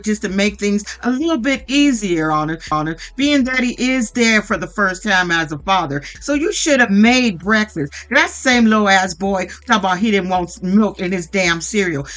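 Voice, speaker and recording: A woman's voice: medium pitch, fairly bright tone. A woman giving casual reality TV recap commentary in a blunt, profane and opinionated way. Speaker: vlogger recapping a reality show.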